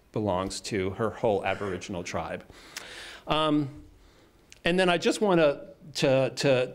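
Keynote speaker: a man from the United States, mid-pitched voice, halting storytelling with fillers and restarts. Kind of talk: public speech with personal storytelling. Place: indoor event hall.

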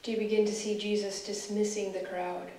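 A woman guest speaker leading a guided scripture meditation, asking the listener slow, reflective questions. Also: medium pitch, flat delivery, dark tone. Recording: echoey room from far off, faint hiss.

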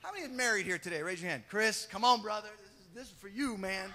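A male pastor preaching an animated sermon, acting out Bible scenes and joking with the congregation. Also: sits high. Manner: animated, acts out the Bible scenes in quick voices and shouts; jokes with the congregation.

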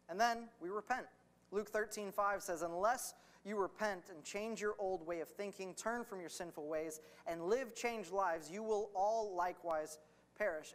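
A man's voice: high-pitched, fairly bright tone. A man preaching a sermon as pastor, talking to the congregation in an earnest, conversational way and reading scripture aloud.

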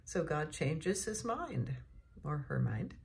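A woman's voice: deep voice, sing-song, slow, vocal fry, a little mellow. A middle-aged woman, a cathedral dean, giving a morning devotion in a chatty storytelling manner and closing with a prayer. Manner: chatty storytelling, often chuckling.

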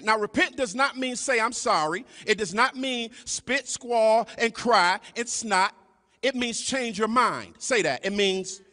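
A man preaching a sermon to a congregation, calling out to them over and over and dropping to low murmurs between emphatic lines. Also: bright, forceful tone. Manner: calls and responses to the congregation, repetitive "y'all". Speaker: pastor. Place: church sanctuary. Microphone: live stream. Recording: long hall reverb.

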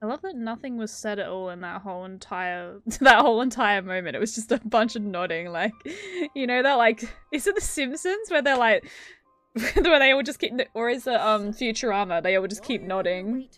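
A woman streaming a game live, chatting to her viewers, laughing often and swearing freely when she gets excited. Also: on the high side, moderate pace. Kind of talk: live gameplay commentary.

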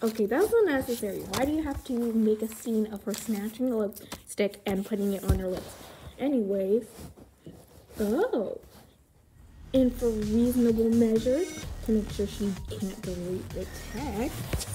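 A woman's voice: a little high, unhurried, music in the background. A woman casually reading aloud her own childhood book and adding amused, mocking, incredulous comments on it.

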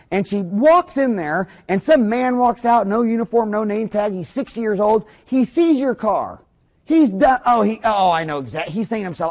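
A man's voice: on the high side, moderate pace. A man, a dentist, giving a rambling, blunt and folksy business lecture full of anecdotes.

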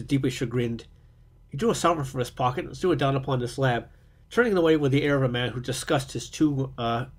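A man reading a story aloud, steady, with occasional small slips. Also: medium pitch. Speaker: reader.

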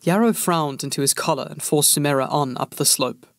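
A man reading an audiobook in steady, even scripted narration. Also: a little high, a little fast, no room sound, clean studio sound.

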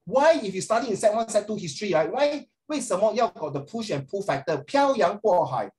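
A middle-aged man with a Singaporean English accent, teaching a social studies class in an animated, joking, sarcastic way, with Mandarin phrases mixed in. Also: high voice, fairly quick, poor audio.

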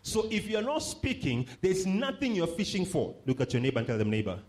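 A man's voice: high-pitched, sing-song, brisk, a little mellow. A man preaching a sermon, stressing points by repeating phrases and calling on the congregation to respond.

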